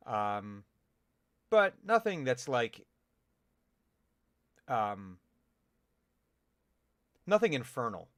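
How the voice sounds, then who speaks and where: A man running a tabletop game as game master, describing what the players find. He speaks in a measured way with fillers, and his voice is bright and forward. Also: mid-range voice, clean tone.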